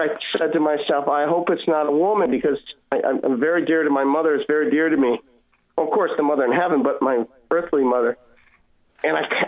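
A man earnestly telling a personal faith story as a caller, heard over a phone line. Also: a little high. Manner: earnest, emotional retelling with quoted dialogue. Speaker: caller sharing testimony. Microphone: phone call.

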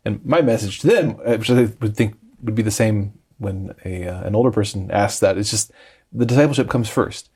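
Male interview host, quick easygoing delivery, dark husky tone. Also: lowish voice. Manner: quick, easygoing, with many fillers. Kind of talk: interview on a faith program.

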